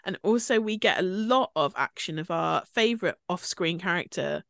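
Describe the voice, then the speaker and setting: A woman's voice: lowish voice, expressive, normal speed, vocal fry, fairly bright tone, dry recording, studio quality. A woman co-hosting a podcast, chatting casually as she recaps reality TV and acts out quotes from the shows. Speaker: podcast co-host.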